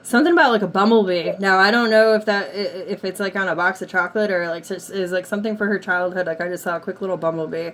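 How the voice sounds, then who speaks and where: During a spirit reading, a woman medium passes on messages from those who have died, hedging often and saying "like" a great deal. Her medium-pitched, somewhat bright voice moves fast with few pauses, over a slight hiss or hum.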